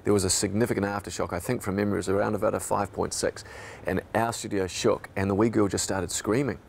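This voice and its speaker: A man's voice: lowish voice, flat delivery, fast, gravelly, darkish tone, a little hiss or hum. A man, a radio broadcaster recalling events in an interview, reflective and emotional.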